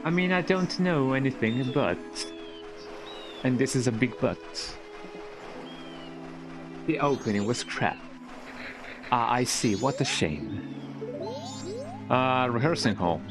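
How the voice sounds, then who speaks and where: While streaming a game over game music, a man with a medium-pitched, animated voice rambles and jokes, tacking "eh?" onto his lines. He speaks a little slowly, with long pauses.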